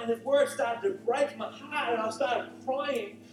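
A male pastor preaching a sermon, telling a personal story in an animated, emphatic way. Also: extremely high pitch, unhurried. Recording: echoey, distant live church recording with music.

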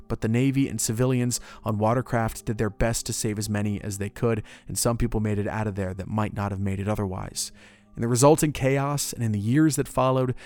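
A man's voice: mid-range voice, darkish tone. A man narrating history in a casual, conversational way, with joking asides.

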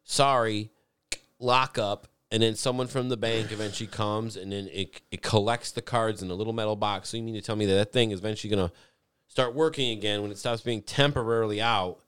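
A man's voice: fairly low pitch, quick pace, clear, resonant tone, no room sound. A man in casual chat, telling a story animatedly, swearing often and acting out the people in it. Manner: animated storyteller, swears a lot, acts out voices.

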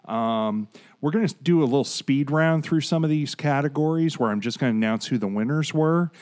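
A man's voice: a little high, a little fast, darkish tone. A man in his forties hosting a podcast, chatting casually and digressing as he reads out award winners. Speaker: podcast host.

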